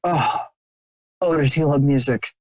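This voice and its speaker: A woman's voice: deep voice, unhurried, darkish tone, dry recording, muffled recording. A woman hosting a live stream, chatting sympathetically with a caller as she gives a psychic reading, with many fillers and restarts.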